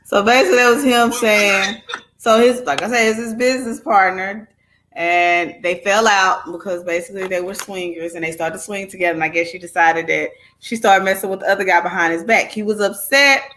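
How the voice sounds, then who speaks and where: A woman's voice: medium pitch, brisk, fairly bright tone, a little hiss or hum. A woman hosting her own channel, commenting casually on clips she plays. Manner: chatty, reacting to clips. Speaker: channel host.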